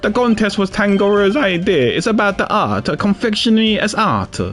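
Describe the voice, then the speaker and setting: A man's voice: sits high, animated, normal speed, a bit bright, faint music behind, pitched above the performer's own voice. A man voicing a proud, flamboyant male pastry chef in a put-on Italian accent with a sing-song tone, reading game dialogue aloud. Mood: grandiose. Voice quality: sing-song, rising and falling tone.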